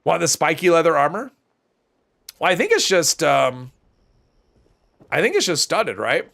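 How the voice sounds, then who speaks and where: A man with a stuffy nose rambling through casual livestream commentary, his voice a touch high and gravelly with fry. He thinks out loud as he plays. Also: big pitch swings, measured pace, pauses often. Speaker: gaming streamer.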